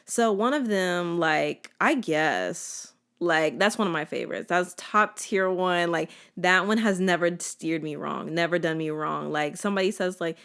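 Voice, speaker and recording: A woman's voice: on the low side, moderate pace, vocal fry, hardly any pauses, a bit bright, smooth. A woman in her twenties hosting a casual solo podcast, chatty and sarcastic, with a playful, filler-heavy way of talking. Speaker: podcast host.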